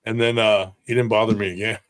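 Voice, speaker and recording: A man's voice: on the low side, fairly even intonation, fairly quick. A man telling rambling, profane stories in casual podcast chat, often laughing as he talks. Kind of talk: casual storytelling.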